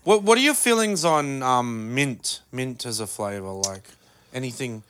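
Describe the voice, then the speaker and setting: Bright, smooth-voiced Australian male host. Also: mid-range voice, animated, unhurried. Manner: chatty, rambling, lots of fillers and asides. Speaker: podcast host. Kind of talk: casual podcast chat.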